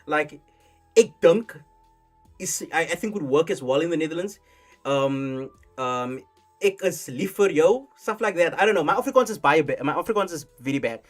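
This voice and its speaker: Rambling streamer with faint music. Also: male voice, fairly high pitch, fairly quick. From South Africa. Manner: rambling, animated, with many restarts and fillers. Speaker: streamer host. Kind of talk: casual live-stream chat.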